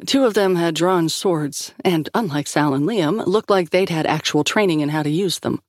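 A woman narrating a story in a steady, measured reading. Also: lowish voice, no echo, studio quality. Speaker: audiobook narrator. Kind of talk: scripted narration.

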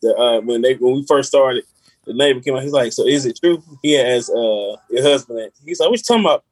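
A man's voice: medium pitch, a little fast, darkish tone, no room sound. A man co-hosting a podcast, telling rambling stories with laughs in casual chat.

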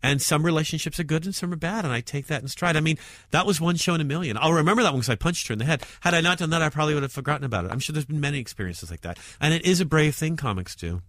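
Animated, provocative man, very dry sound. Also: fairly high pitch, very fast, no room sound. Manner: provocative, animated, swings between loud jabs and muttered asides. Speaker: stand-up comedian. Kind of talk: interview.

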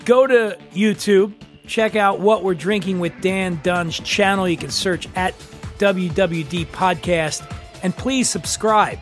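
A man with a high voice hosts a podcast in loose, jokey banter and pokes fun at himself. Soft music sits faintly under his talk. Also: takes it slowly. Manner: jokey, self-mocking banter. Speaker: podcast host. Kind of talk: casual podcast hosting.

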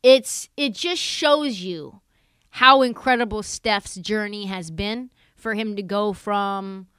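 A woman co-hosting a podcast, chatting about sports in an animated, jokey way and acting out quotes. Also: medium pitch, slow, clean tone, no echo. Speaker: podcast co-host. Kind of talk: casual sports chat.

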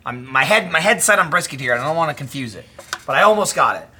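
A man's voice: fairly high pitch, expressive, fast talker, bright, forceful tone, a little hiss or hum. A man hosting a casual podcast, reading an ad and then joking with crude slang. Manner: reads ad copy then jokes around with crude slang. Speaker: podcast host. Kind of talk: casual chat.

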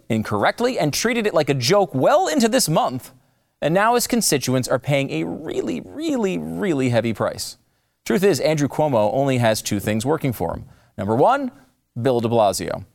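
Casual sarcastic guy ranting about politics, bouncy voice, pitch a bit up. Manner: mocking, sarcastic. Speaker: political commentator. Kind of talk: sarcastic commentary.

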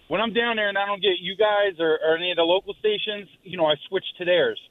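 Man, caller, high voice, phone-line sound, dry, emphatic, restarts a lot. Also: fast talker, no echo. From North Jersey. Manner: emphatic, repeats words when starting sentences. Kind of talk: phone-in call to sports radio.

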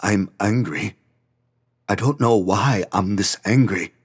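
A man's voice: on the low side, slow pace, slightly rough. A man voicing a volatile, tearful young male band frontman who speaks in a raised, agitated, intense way. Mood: angry.

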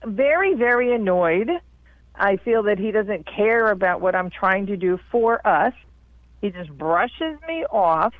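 A woman calling in to an advice show, speaking in a hesitant, halting way. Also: mid-range voice, lively intonation, dry recording. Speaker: caller. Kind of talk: call-in phone conversation. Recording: tinny dry phone line.

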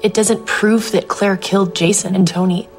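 A woman's voice: mid-range voice, steady tone, soft background music, close to an everyday voice. An actress playing a level-headed woman who cautiously weighs murder evidence in a film drama. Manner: measured and cautious.

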